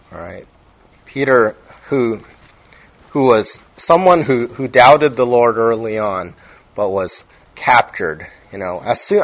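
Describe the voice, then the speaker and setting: Low-voiced man preaching conversationally. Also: poor audio. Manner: conversational, frequent "right?" check-ins. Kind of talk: sermon.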